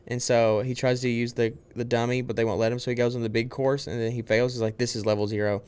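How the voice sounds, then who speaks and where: A young man chats on a casual movie podcast, hurrying through a plot recap full of "and then" and little quoted bits. His voice is smooth and clear, sitting at an ordinary middle pitch. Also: little pitch movement, fast, darkish tone. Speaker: podcast co-host.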